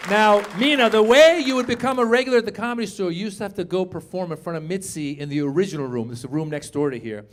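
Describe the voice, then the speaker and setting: A middle-aged male stand-up comedian tells a story on a club stage. His voice sits high for a man and climbs higher for the punchlines, and he slips into other people's voices as he goes. A faint room hum runs underneath. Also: quick pace, hardly any pauses, some chatter behind. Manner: animated storytelling, acting out other people's lines.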